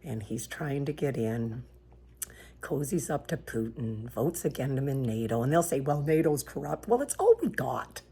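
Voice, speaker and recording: Woman from Canada, deep and very breathy, earnest pained vlog monologue. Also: expressive, normal speed, warm tone. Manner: earnest and pained, at times dropping to a whisper. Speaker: vlogger sharing her views. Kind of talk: emotional personal monologue.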